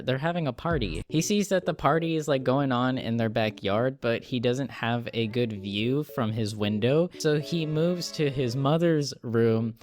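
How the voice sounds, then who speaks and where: A man's voice: mid-range voice, a little hiss or hum. Chatty man retelling a book. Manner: chatty, full of "like" fillers, acts out quotes. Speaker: book reviewer. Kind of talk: casual book summary.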